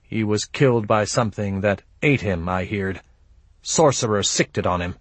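A man plays a heavyset, wary innkeeper who speaks in short, gruff lines with slow, bitter weight. The voice sits low and husky. It is dry and close, with no room around it. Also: dry recording, close to an everyday voice. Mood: grim.

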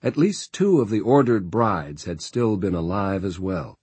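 Man, audiobook narrator, very low voice, husky, dry close recording, measured reading. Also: expressive, darkish tone, no room sound. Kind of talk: scripted narration.

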